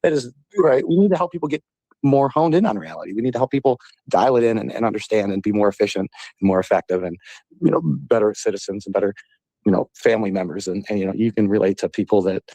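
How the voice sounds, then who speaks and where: Fast, dry-miked male host with a profane, rambling manner. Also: fairly low pitch, warm tone, no room sound. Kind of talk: casual heated chat.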